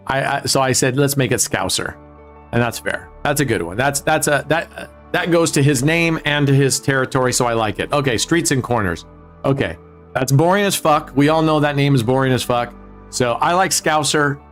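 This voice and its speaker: A man's voice: mid-range voice, normal speed, fairly bright tone. A man hosting a live casino stream, chatting casually with viewers, joking and swearing. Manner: joking, profane, talks to chat viewers. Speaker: livestream casino host. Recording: faint music behind.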